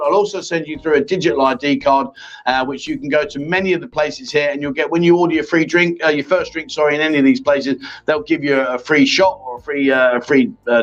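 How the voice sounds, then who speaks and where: A man hosting a casual live-stream chat show, bantering with a co-host and reading viewer comments aloud. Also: a little high. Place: bar or venue. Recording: slightly dull sound with faint music.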